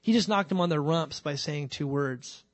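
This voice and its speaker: A man preaching a sermon. He talks in an animated way and acts out the scripture scenes with quick shifts of voice. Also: a little high, no room sound. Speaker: pastor.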